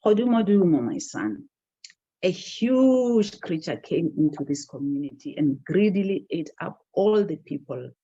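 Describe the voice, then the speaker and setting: A gentle, grieving village mother, as a storyteller puts her on, speaking softly. She sits a little lower than the teller's narration. The recording is dry and dull, with a lo-fi sound. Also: breathy edge, no room sound, heavily acted. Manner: soft, sorrowful and protective.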